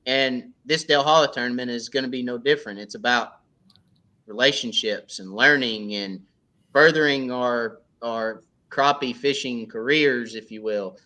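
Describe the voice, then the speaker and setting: Bright-voiced storytelling American man. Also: medium pitch, normal speed. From United States. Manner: storytelling, animated when quoting others. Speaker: crappie club organizer. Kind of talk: casual podcast chat.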